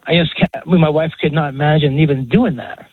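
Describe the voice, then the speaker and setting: A man's voice: a little high, fairly even intonation, fairly quick, breathy edge, no room sound. Choked-up male caller on a tinny line. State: emotional, near tears.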